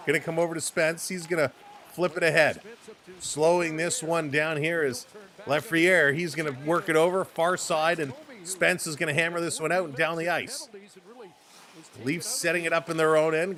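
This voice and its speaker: A man with a Canadian accent calling a hockey game on a livestream, fast and excitable, greeting chat viewers between plays. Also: a little high. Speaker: play-by-play host. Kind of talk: livestream sports commentary.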